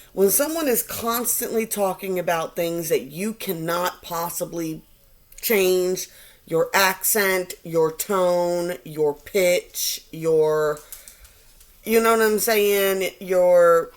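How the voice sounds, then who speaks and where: A woman giving a casual tarot reading to viewers, animated and quick to mimic the people she quotes. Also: fairly low pitch. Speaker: tarot reader.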